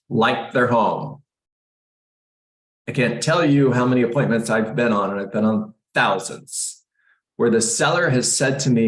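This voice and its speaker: A middle-aged man coaching real estate agents in a live training, energetic and joking as he acts out scripts. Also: mid-range voice, reverberant, rough recording.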